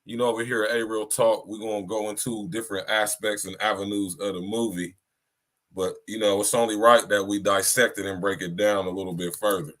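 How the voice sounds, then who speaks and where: This podcast host has a fairly low, level voice that runs a little fast with some brightness. His casual talk is blunt, packed with slang and repetition, with frequent "you hear me"s.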